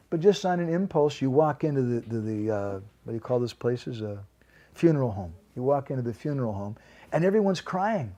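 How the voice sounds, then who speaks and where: A man's voice: a little high, darkish tone. A man giving a devotional lecture at a home program, telling a story and asking the audience questions.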